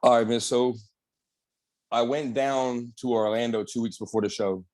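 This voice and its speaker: A man's voice: medium pitch, fairly even intonation, moderate pace, darkish tone. A young man, a bodybuilder guest on an interview, telling his story in a laid-back, slangy way with lots of swearing. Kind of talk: casual candid storytelling.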